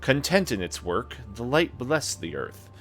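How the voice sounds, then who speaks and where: A man's voice: medium pitch, sing-song, a little slow, a bit bright, soft background music. A young man hosting a let's play, chatting playfully about the game and reading passages aloud. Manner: self-deprecating, playful, reads in a solemn voice. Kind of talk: casual gameplay commentary and reading aloud.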